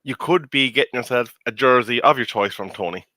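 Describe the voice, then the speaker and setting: A man, co-hosting a football show and giving measured, articulate opinions in casual discussion. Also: mid-range voice, pushed and bright, no echo. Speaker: co-host pundit.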